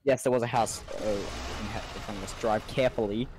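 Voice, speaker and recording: A man's voice: on the low side, fairly even intonation, a little fast, darkish tone. A young man playing a game with friends, teasing and joking in casual chat, often restarting his words. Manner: playful, teasing, stammering restarts. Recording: faint background noise.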